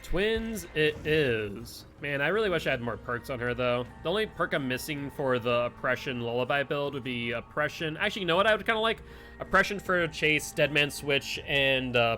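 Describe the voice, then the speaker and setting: Bright-voiced man streaming a game. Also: medium pitch. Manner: chatty, musing aloud to chat and players. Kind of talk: gameplay commentary.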